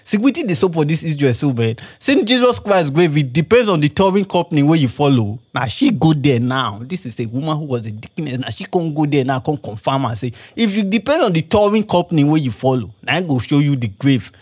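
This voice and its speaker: A man's voice: fairly high pitch, sing-song, brisk, few pauses, darkish tone, husky. A young Nigerian man with a Nigerian accent, rambling through a casual monologue as a podcast host and firing off rhetorical questions.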